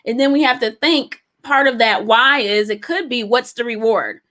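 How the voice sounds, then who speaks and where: A middle-aged woman leads a live business lesson in a bright, fairly high voice. She talks to her viewers in an encouraging, chatty way, laughs lightly between points, and drives ideas home with repetition and rhetorical questions. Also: normal speed. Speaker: business coach.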